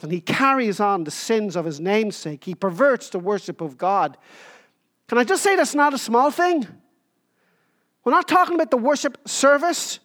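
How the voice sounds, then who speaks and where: A woman preaching a sermon, emphatic, with short repeated phrases and pauses. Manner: jokes about squeaking into a higher voice.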